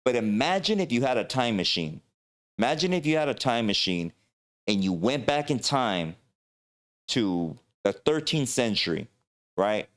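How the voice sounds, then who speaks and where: A male host of a livestream talk show, speaking with passion in a long rant. His pitch sits in an ordinary middle range, and he leans on "you know" between his points. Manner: impassioned ranting with many "you know"s.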